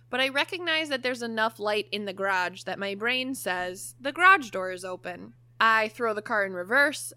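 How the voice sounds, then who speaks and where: Animated, swearing young woman telling a story. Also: fairly high pitch, dry recording. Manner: animated, swears a lot, laughs often. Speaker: podcast co-host. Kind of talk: casual chat, storytelling.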